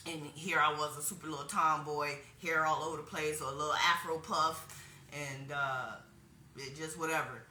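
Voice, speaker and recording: A woman in her forties talks frankly and casually, telling stories with plenty of slang. Her voice is bright and forceful but sits a little low. The recording picks up a roomy echo. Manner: frank, chatty storytelling with slang. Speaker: wellness workshop presenter. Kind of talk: casual spoken workshop talk.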